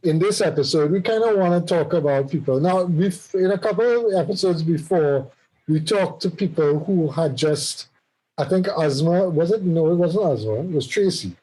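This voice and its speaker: A man's voice: on the high side, lively intonation, moderate pace, dark tone, slightly rough, poor audio. A man hosting a podcast, chatting casually and rambling through stories with restarts and tangents. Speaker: podcast host. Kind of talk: casual chat.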